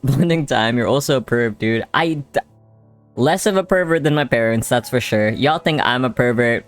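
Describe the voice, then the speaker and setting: A man's voice: medium pitch, animated, unhurried, soft background music. A young man streaming live while drawing, chatting casually with his chat in a rambling way and swearing freely.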